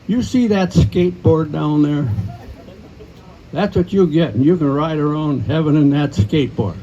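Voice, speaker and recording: An elderly man voicing Saint Peter as a stern, questioning gatekeeper of heaven, in a deliberate way. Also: a little high, dark tone, lo-fi sound, close to an everyday voice.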